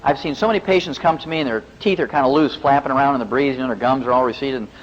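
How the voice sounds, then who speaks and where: Speaking at a medium pitch in a large, echoing room, this Midwestern veterinarian and physician spins jokes and stories through a folksy health talk for a live crowd. He's lively and quick, and the recording sounds muffled with a light hiss.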